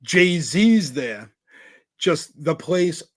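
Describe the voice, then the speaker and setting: Drawing out his words in a sing-song, higher-pitched voice, a podcast co-host rambles through stories in a dry recording. The chat is casual, with many "like"s and frequent restarts.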